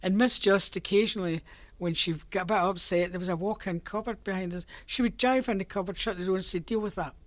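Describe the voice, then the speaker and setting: Older Scottish woman, oral-history interviewee, chatty storyteller, mid-pitched. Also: fast talker, few pauses. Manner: chatty storyteller, laughs often.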